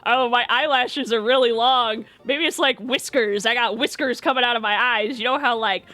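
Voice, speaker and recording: Bright high-voiced woman rambling. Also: normal speed, dry recording. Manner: chatty, self-deprecating, laughs often. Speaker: streamer. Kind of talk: casual rambling storytelling.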